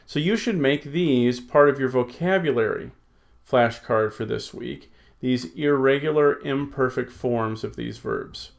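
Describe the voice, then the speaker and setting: A man's voice: medium pitch, unhurried, gravelly. A man teaching a recorded language lesson at his computer, explaining step by step in a patient, methodical way with frequent fillers. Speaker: Greek teacher.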